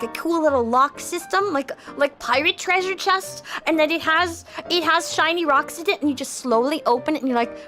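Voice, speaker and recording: A woman's voice: high-pitched, a bit bright. A woman hosting a casual livestream chat, telling bubbly stories and often giggling. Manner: refers to herself in third person. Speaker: livestream host.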